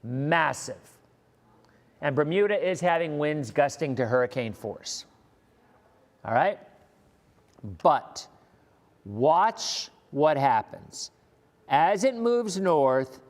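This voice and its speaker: A middle-aged man with a fairly high voice gives a live weather broadcast. He sounds reassuring and emphatic, and he repeats his key points. A long reverb trails after his voice. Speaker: TV meteorologist. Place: live stream studio.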